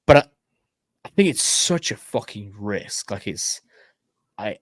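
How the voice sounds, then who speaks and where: A man's voice: on the low side, animated, unhurried, no room sound, clean studio sound. A man co-hosting a casual movie podcast. He gives blunt opinions and swears casually. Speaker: podcast co-host.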